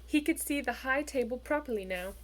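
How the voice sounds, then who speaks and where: A woman narrating a children's storybook in an expressive, measured way. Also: high-pitched. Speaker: audiobook reader.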